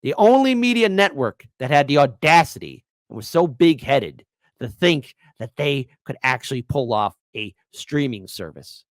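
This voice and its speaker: A man's voice: medium pitch, sing-song, moderate pace, no echo. Man, political commentary host, mocking and taunting, dry close mic. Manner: sarcastic, taunting, loud swings in volume.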